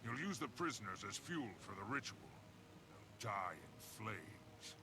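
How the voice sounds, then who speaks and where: Proud feline warrior sire for game cutscenes, gravelly and low, over audible noise. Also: male voice, very animated, a little slow, full character voice. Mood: proud, grim. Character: male charr warrior father, stern and proud.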